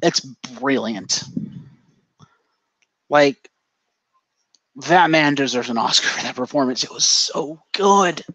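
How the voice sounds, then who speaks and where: A man's voice: medium pitch, lively intonation, takes it slowly, long pauses, a bit bright, no room sound. A man co-hosting a casual podcast, telling a story with energy and swearing freely. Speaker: podcast co-host. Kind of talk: casual chat. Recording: dull lo-fi dry sound.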